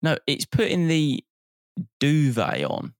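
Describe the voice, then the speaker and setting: A man's voice: fairly high pitch, wildly swooping pitch, takes it slowly, dry recording, clean studio sound. A man co-hosting a podcast, laid-back and self-mocking in casual banter. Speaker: podcast co-host. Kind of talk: casual chat.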